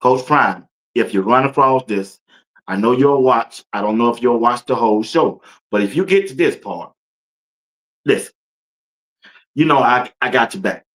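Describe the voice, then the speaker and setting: A man with a mid-range, fairly bright voice hosts a casual sports talk stream at a moderate pace, punctuated by long pauses. Laughing often, he chats in a loose, colloquial way straight to his viewers and chat.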